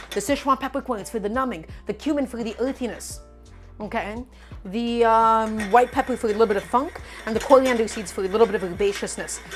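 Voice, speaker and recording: A woman streaming a live cooking demonstration, talking animatedly to viewers as her friends and repeating her points with emphasis. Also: a little high. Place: home kitchen.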